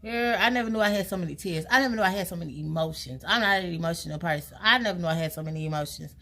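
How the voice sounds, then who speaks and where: A young woman tells a personal story in a casual, chatty way. Her voice sits fairly low but leaps high whenever she acts out what people said, and her delivery is animated. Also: very fast. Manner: animated, acts out quotes with big pitch jumps.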